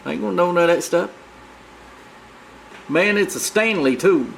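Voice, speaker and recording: A brash male monkey puppet with a high, crude drawl, as a man puts him on. He rambles and boasts as the show's host in comic puppet banter. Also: normal speed, creaky, fairly bright tone, a little hiss or hum, rough recording. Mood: rambling.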